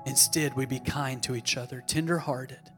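A man's voice: mid-range voice, fairly even intonation, moderate pace. Male pastor preaching over music. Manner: storytelling with dramatic emphasis and voiced quotes. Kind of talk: sermon.

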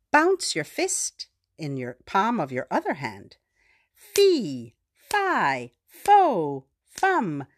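A woman hosting a phonics lesson for toddlers, talking in a playful, exaggerated sing-song way. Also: mid-range voice. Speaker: preschool phonics host.

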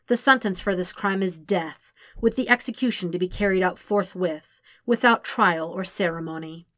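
A woman's voice: on the low side, normal speed, fairly bright tone, no room sound, studio quality, close to an everyday voice. A woman voicing a smug, gloating male naval commander in an audiobook reading of fan fiction.

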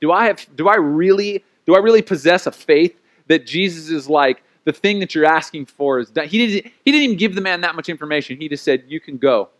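A man preaching a sermon in a lively, conversational way, with playful acted asides. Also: on the high side, fairly quick, hardly any pauses. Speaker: pastor.

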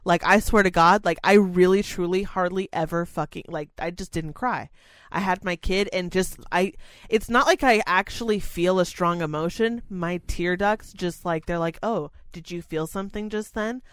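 A woman's voice: fairly low pitch, moderate pace, no echo. A young woman co-hosting a podcast in casual chat, emotional and teary, swearing freely and gushing as she talks. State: teary, crying while talking. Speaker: podcast co-host.

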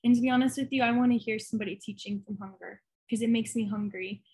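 Female co-host, slightly high, breathy tone, affirming and exhorting. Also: fairly even intonation, fast talker, a little mellow. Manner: encouraging, affirming, exhorts listeners. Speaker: podcast co-host. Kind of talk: faith podcast chat.

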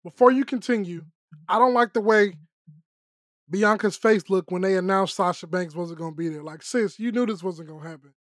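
High-pitched man, interjecting in casual chat, dry sound. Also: moderate pace, a bit bright, no echo.

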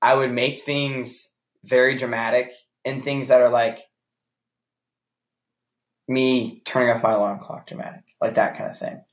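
Young male co-host, playful banter, mid pitch, echoey room. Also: fairly even intonation, a little slow, long pauses. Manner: playful, laughs often, jokingly acts out lines. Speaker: podcast co-host. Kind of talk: casual chat.

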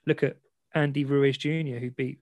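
A man, an interview guest and boxer, frankly recounting a personal story in a self-deprecating, animated way. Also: medium pitch, moderate pace, no room sound.

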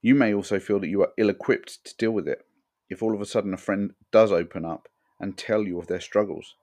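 A man's voice: on the low side, fairly quick, darkish tone. A man hosting a podcast, delivering a frank, earnest monologue from a script. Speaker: podcast host.

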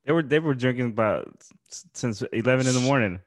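A man co-hosting a podcast who keeps the chat casual. He reacts in a laid-back way and talks in an everyday middle-pitched voice. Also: animated, fast. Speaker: podcast co-host.

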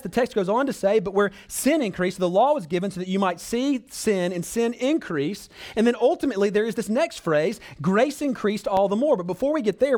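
A man delivers a sermon as pastor, earnestly speaking to the congregation as brothers and sisters. Some passages are loud and pleading, others drop to a hushed, low register.

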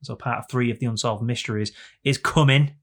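A man's voice: mid-range voice, steady tone, a little fast, a bit bright. A young man co-hosting a podcast in a jokey, rambling chat with playful repetition. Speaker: podcast co-host. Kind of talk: casual chat.

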